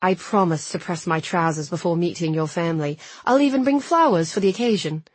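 A woman's voice: mid-range voice, animated, a little mellow, husky, dry recording. A woman voicing a smug, teasing young man in an audiobook, drawing out his words with amusement. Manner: teasing, drawn-out amused delivery. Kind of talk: audiobook character reading.

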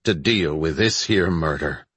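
A man doing a gruff old frontier judge. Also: very deep voice, unhurried, fairly bright tone, dry recording, exaggerated voice.

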